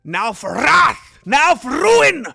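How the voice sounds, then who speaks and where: Man putting on a booming epic warrior-king. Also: huge pitch swings, slow pace, gravelly, pushed and bright, soft background music, exaggerated voice. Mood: war cry. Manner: grand, theatrical declaiming.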